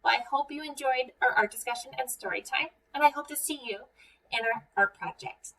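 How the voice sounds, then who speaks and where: A friendly young American woman leads a children's art lesson, talking clearly and asking her viewers questions. Her voice sits fairly high and is picked up from a little way off the mic. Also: fairly quick, bright, forceful tone, recorded from a distance, poor audio. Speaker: museum educator.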